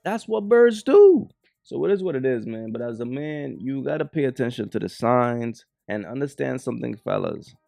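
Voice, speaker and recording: A man's voice: medium pitch, brisk, vocal fry, hardly any pauses, darkish tone, no room sound. A man reacting to video clips, preaching bluntly to the fellas. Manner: preachy, addresses the fellas directly. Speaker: reaction commentator. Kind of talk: commentary on clips.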